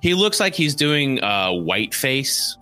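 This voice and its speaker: Male podcast co-host, casual movie chat, animated and jokey, bright tone, faint music behind. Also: mid-range voice, takes it slowly. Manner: animated, joking, slips into silly impressions.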